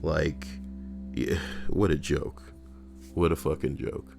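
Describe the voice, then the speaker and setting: A man's voice: extremely low pitch, fairly even intonation, slow pace, vocal fry, over music. A man streaming, reading stories aloud and breaking off into blunt, profane commentary.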